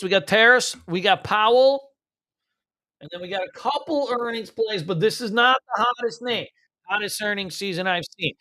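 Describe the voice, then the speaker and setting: Man, trading stream host, slightly high voice, casual slangy talk, hums filler beats. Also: sharp tone. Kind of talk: casual live market commentary.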